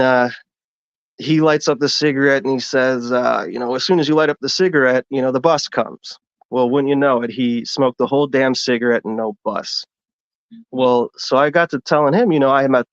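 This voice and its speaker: A man's voice: medium pitch, clear, resonant tone, no room sound. Man rambling through a joke on a lo-fi mic. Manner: rambling storyteller, halting with fillers. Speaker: panelist. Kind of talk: casual debate on a livestream.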